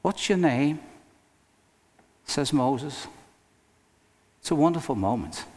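A male pastor preaching a sermon in an earnest, emphatic way, with dramatic pauses. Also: a little high, lively intonation, darkish tone, husky. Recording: long reverb of a hall.

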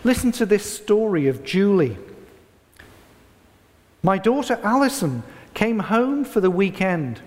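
A man preaching a sermon and reading a story aloud, slow and deliberate, with dramatic pauses. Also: sits high, sing-song. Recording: long hall reverb.

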